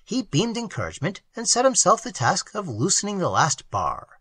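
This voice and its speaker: A man narrating a story in an animated, expressive way. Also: high voice, normal speed, husky, no room sound. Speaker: audiobook narrator.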